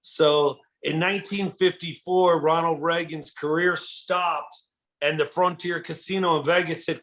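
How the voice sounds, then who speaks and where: Male comedian guest, lively storyteller with a fairly high voice. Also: unhurried. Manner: animated, enthusiastic, says dude a lot. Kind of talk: casual storytelling chat.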